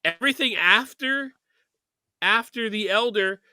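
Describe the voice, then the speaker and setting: Bright-voiced rambling podcast host. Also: male voice, sits high, measured pace, slight background noise. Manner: rambling, many restarts and fillers. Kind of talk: casual chat.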